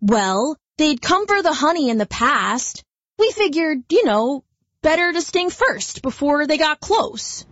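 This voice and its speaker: A woman's voice: sits high, big pitch swings, unhurried, fairly bright tone, dry recording, highs cut off, voice pushed up, full character voice. A woman voicing a brash male guard bee who talks in cocky retorts and turns sheepish when scolded. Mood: defensive.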